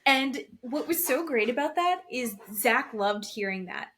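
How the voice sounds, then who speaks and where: A woman's voice: high voice, expressive, unhurried, a bit bright, a little hiss or hum. A woman co-hosting a podcast, chatting casually about a reality show, swearing and acting out what the cast said. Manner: chatty, swears, acts out quotes in retelling. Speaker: podcast co-host. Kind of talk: casual chat recapping reality TV.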